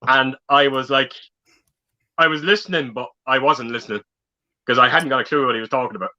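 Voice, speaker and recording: Bright-voiced man on dull audio. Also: medium pitch, brisk. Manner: rambling storyteller, repeats words. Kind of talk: casual livestream chat.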